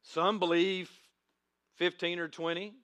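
His voice sits high with little pitch movement, and he speaks slowly. As a pastor giving a sermon, he prays and then reads and dramatizes scripture with strong emphasis, shouting crowd voices during the reenactment.

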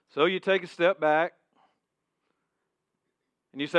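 A male preacher tells a sermon story in the second person and drops to a hush at key points. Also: sits high, steady tone, a little slow, pauses often, clean tone, dry recording. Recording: dull, dry sound.

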